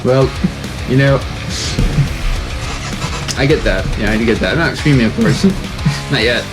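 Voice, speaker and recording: A young man co-hosting a reaction video in casual joking chat, deadpan and rambling. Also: mid-range voice, measured pace, over music.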